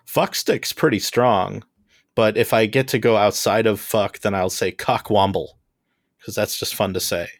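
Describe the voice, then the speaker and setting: A man's voice: fairly low pitch, measured pace, dry recording, studio quality. A man chatting casually as an interview guest, wry and joking. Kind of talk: casual chat.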